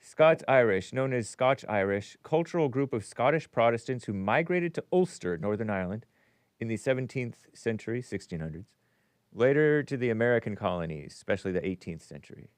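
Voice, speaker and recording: A man's voice: mid-range voice, lively intonation, brisk, dry recording. A middle-aged man hosting a call-in show, chatty and curious, asking his caller lots of questions. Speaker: host. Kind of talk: casual call-in chat.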